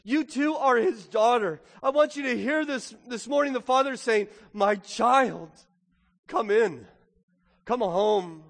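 A man preaching a sermon as a pastor, swinging between loud pleading and hushed, intimate asides. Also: high-pitched. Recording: reverberant hall.

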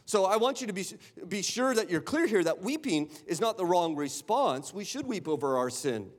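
A man with a noticeably high voice preaches a sermon in a church sanctuary, chatty and direct, checking in with rhetorical questions and stumbling over repeated words. His voice trails off into a long, ringing hall reverb. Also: sing-song, moderate pace. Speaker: pastor.

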